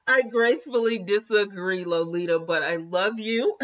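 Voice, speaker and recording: A woman's voice: mid-range voice, big pitch swings, slow, long pauses, fairly bright tone, lo-fi sound. A woman hosting a live commentary stream, chatting casually, laughing often and reading viewer comments aloud.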